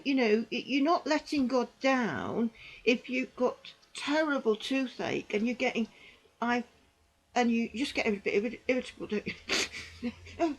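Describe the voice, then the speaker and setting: Older woman, a higher voice, candid rambling monologue, unwell and tired. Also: dull audio. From United Kingdom. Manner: rambling and earnest, with frequent restarts. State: unwell and in pain. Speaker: vlogger, former psychiatric nurse. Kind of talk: personal commentary monologue.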